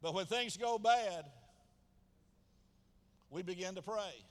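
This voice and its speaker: A man, preaching a sermon as pastor, swinging from quiet asides to loud shouted passages. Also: high voice, animated, slow pace. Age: 70s. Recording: long hall reverb.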